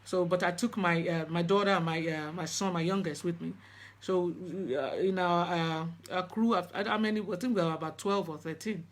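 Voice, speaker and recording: A fairly low-pitched woman's voice with fairly even intonation belongs to an earnest, middle-aged spiritual practitioner. Her first language is Yoruba, and while telling her personal story she hesitates and restarts a lot.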